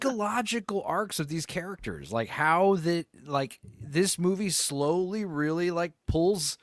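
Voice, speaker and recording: A man's voice: fairly high pitch, measured pace. A man in his forties, a panelist in a casual debate, who tells stories with energy and swears freely. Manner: animated storyteller, swears freely.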